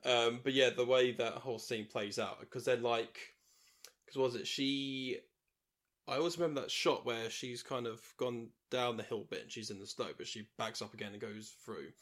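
Chatty man, quick to laugh. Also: medium pitch, fairly even intonation, fairly bright tone. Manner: chatty, laughs often, acts out quotes. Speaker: podcast co-host. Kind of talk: casual chat.

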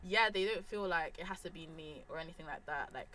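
A woman's voice: fairly low pitch, fairly quick, bright, forceful tone, a little hiss or hum. A young woman co-hosting a casual podcast in a small studio, chiming in and repeating phrases as she talks. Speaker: podcast co-host. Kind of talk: casual chat. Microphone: studio microphone.

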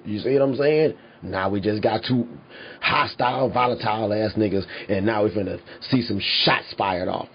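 Heated husky man ranting. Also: lowish voice, normal speed. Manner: heated, emphatic, swears constantly, laughs between points. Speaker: commentary podcaster. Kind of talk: profane rant to viewers. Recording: slightly dull lo-fi sound.

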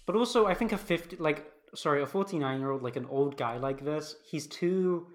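A man's voice: fairly high pitch, a little fast. A man co-hosting a casual podcast, hesitant with ums and playing the mock sage. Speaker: podcast co-host.

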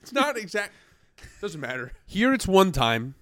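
A man co-hosting a podcast in casual chat, rambling playfully and trailing off quietly when unsure. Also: sits high, big pitch swings, unhurried, no room sound. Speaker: podcast co-host.

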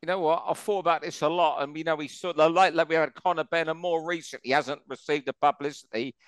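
A man's voice: on the high side, fairly even intonation, quick pace, clear, resonant tone, no echo. A man hosting a boxing talk show, giving his views in an emphatic, opinionated way. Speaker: host.

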